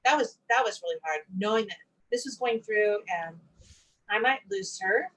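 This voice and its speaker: A middle-aged woman telling family stories as a podcast guest, animated and acting out the quotes as she goes. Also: mid-range voice, moderate pace, poor audio. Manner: animated storyteller, acts out quotes. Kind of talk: casual interview chat.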